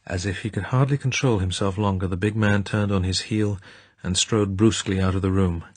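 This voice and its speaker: A man narrating an audiobook in a measured, crisp storytelling manner. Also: low-pitched, fairly even intonation, dry recording. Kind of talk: scripted narration.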